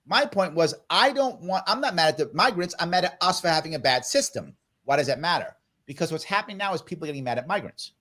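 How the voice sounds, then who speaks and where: A man's voice: a little high, expressive, fast, few pauses, pushed and bright. A man speaking as a guest in an interview, making his points in an emphatic, persuasive way. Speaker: political guest. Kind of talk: interview conversation.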